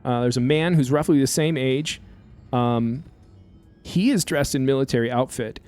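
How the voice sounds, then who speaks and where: A man running a tabletop game as game master, narrating the scene in a halting way full of fillers. His voice sits at a middling pitch, with faint music behind. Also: a little mellow.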